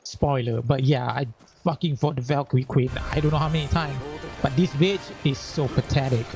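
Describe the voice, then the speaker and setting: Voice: medium pitch, steady tone, moderate pace. A gaming channel host giving let's-play commentary, frustrated and cursing heavily at the game. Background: game music.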